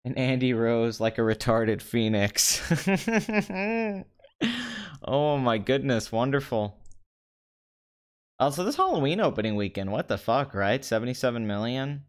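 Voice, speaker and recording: A man hosting a comedic box office show, talking in a sarcastic, deadpan way. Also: medium pitch, unhurried, long pauses. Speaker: host.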